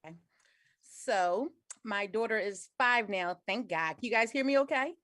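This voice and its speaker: A woman's voice: mid-range voice, normal speed, a bit bright, no echo, clean studio sound. A woman in her forties telling a personal story in an earnest, detailed way, on a video call. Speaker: guest sharing her story.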